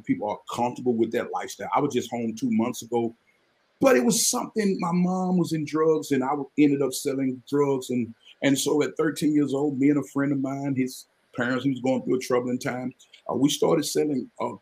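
A man, telling his life story as a guest on a live podcast, earnest and animated. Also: mid-range voice, fairly quick. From Mississippi, US. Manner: earnest, animated storytelling with sudden excited rises.

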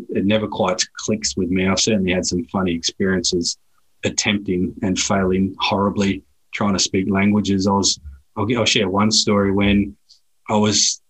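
An Australian man talking as a guest, telling travel stories in a relaxed way with frequent restarts. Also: fairly low pitch, breathy edge, low-quality recording. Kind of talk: casual conversation.

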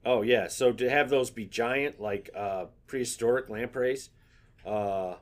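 A man's voice: medium pitch, measured pace. A man co-hosting a casual podcast chat, rambling, swearing freely and laughing often. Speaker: podcast co-host.

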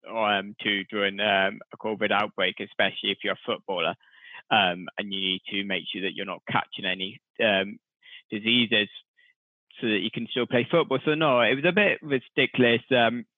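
A man co-hosting a podcast in casual chat, talking hesitantly with frequent filler pauses. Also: on the low side, dry recording. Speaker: podcast co-host. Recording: tinny phone-like dry line.

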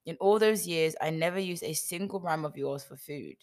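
A woman's voice: low-pitched, normal speed, natural voice. A woman reading the lines of an aggrieved male herdsman who defiantly lists his years of hard work.

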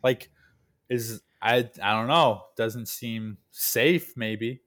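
A young man co-hosting a casual sports podcast, sarcastic and rambling, dropping into low mumbled asides. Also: extremely slow, fairly bright tone.

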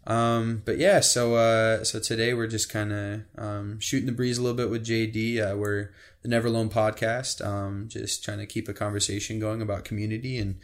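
Lower-voiced young podcast host. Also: male voice, level tone, normal speed, few pauses. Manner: hesitant, many fillers and restarts. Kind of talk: casual chat.

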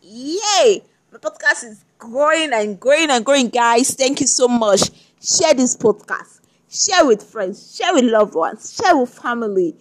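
A woman's voice: a little high, animated, a little slow. A woman hosting her own podcast in a chatty, rambling solo monologue, often repeating herself. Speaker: podcast host.

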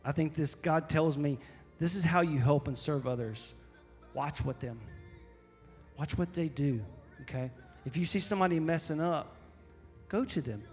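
A man preaching a sermon as pastor, emphatic and repetitive, often rising to loud, high exhortation. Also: normal speed, long reverb tail, faint music behind.

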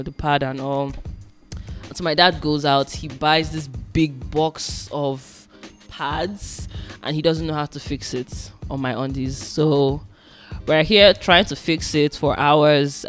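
A woman's voice: low-pitched, a bit bright. A young woman from Nigeria, a guest in a casual chat, telling stories animatedly and acting out her parents' voices.

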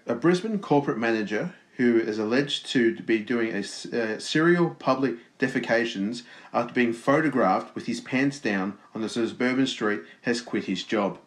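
Joking male podcast co-host, echoey room. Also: medium pitch. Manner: joking, halting reading with restarts and asides. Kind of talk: casual chat, reading news aloud.

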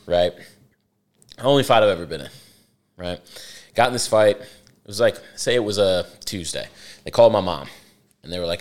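A man from Mississippi, a podcast guest talking in a relaxed, chatty way. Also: sits low. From Mississippi, USA. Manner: relaxed, chatty, quick agreement. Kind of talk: casual chat, storytelling.

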